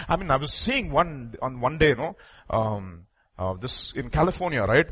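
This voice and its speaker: A man preaching a sermon with passion. He swings from loud, urgent bursts down to hushed pleading. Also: medium pitch, expressive, moderate pace, breathy edge.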